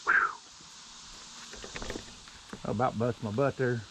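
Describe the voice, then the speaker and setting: A man's voice: mid-range voice, steady tone, fast talker, poor audio. A middle-aged man, a logger grumbling and cussing under his breath as he talks to the camera while working on a steep wooded hillside. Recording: outdoor noise, chainsaw and insects.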